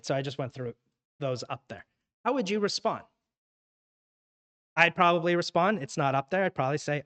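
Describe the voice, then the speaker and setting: A man's voice: fairly high pitch, moderate pace, pauses often, a bit bright. A man teaching a church Bible study in a conversational way, asking the class many questions. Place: church room.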